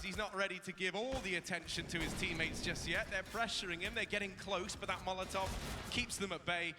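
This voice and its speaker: A man doing color commentary on an esports match, calm in his analysis and rising when the action peaks. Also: high-pitched, in a large hall, background noise. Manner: measured analysis that rises into excited calls.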